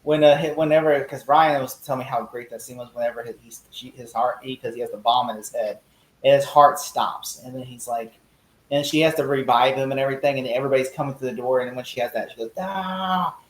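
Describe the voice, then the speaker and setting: A man who is a guest in a casual podcast discussion, telling stories with lively energy and acting out quotes in mock voices. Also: medium pitch, fast, echoey room, rough recording.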